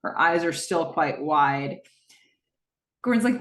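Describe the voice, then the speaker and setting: A woman's voice: low-pitched, expressive, takes it slowly, long pauses, fairly bright tone. A woman hosting a podcast, recapping a TV episode in a chatty way with laughing asides. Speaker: podcast host. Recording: roomy echo.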